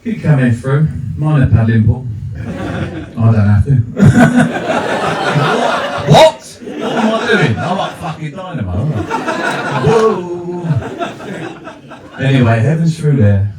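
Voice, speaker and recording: A man's voice: medium pitch, very animated, slow pace, long pauses, very noisy. A man playing God as a smug, bossy bouncer at the gates of heaven. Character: cocky male God working the door like a bouncer. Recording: roomy live club, far mic, loud laughter.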